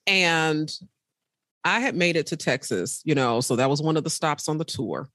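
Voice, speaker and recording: A woman in her thirties tells her stories with lively swings in pitch and acts out each quote. Her talk is faith-filled and warm-hearted, and she calls the listener baby. The sound is close and dry. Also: normal speed, no room sound. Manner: animated storyteller acting out quotes with big pitch jumps. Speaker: podcaster and speaker. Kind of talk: casual interview storytelling.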